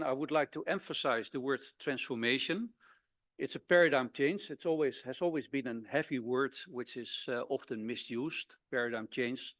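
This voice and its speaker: A man's voice: medium pitch, a bit bright, dry recording. A man in his sixties giving a conference talk, hesitant and repeating words as he searches for them. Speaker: conference speaker. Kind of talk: conference presentation.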